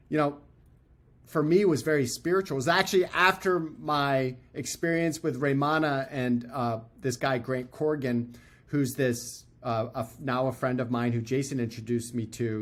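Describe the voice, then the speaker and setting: A man in the middle of a story, talking loosely with plenty of ums and restarts. He jumps into lively character voices when he quotes people, and his pitch sits at a typical middle level for a man. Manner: animated, acts out quoted voices. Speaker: podcast guest, author. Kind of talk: casual storytelling.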